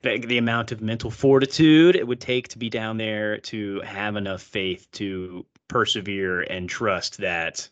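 A man co-hosting a casual Bible-study podcast, reading scripture aloud with drawn-out pauses and joking between passages. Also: lowish voice, fairly even intonation. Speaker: podcast co-host. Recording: dull lo-fi podcast sound.

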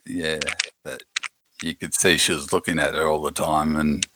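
A man's voice: extremely low pitch, little pitch movement, moderate pace, noisy background. A man co-hosting a podcast, chatting casually and wryly about a reality show, agreeable and easygoing. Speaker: podcast co-host.

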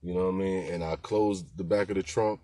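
A man's voice: deep voice, fairly even intonation, brisk, mellow, no echo. A man telling stories in a loose, slangy, conversational way, often checking in with the listener. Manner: laid-back slangy talk, keeps asking "you know what I'm saying". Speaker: podcast host telling rideshare stories. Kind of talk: casual storytelling.

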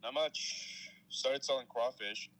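A man's voice: mid-range voice, takes it slowly, fairly bright tone, rough recording. A man co-hosting a podcast in casual chat, joking and teasing in a dry way. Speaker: podcast co-host.

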